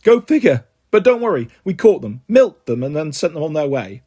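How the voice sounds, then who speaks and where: Brief: officious storybook gate guard, husky and high-pitched, done by a male reader. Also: very animated, moderate pace, mellow. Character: fussy male gate guard, a copy of the narrator.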